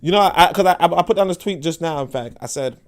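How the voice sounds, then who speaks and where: Man in the host seat of a talk podcast, slightly higher voice, loose and animated, checks in with listeners often. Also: fast. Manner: animated and conversational, with frequent restarts; laughs and asks listeners for agreement. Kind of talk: casual monologue.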